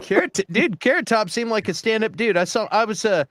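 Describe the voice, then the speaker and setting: A man from Texas, co-hosting a casual podcast chat, telling stories with lively acted-out quotes. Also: high-pitched, fairly quick, no echo, studio quality. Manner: animated storyteller, acts out quotes. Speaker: podcast co-host.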